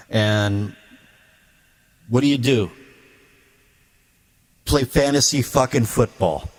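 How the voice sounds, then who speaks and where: Guy ranting to the camera, slow and blunt, hammering each point. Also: medium pitch. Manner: blunt, emphatic, deliberate. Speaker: video creator. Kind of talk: ranting monologue to a viewer.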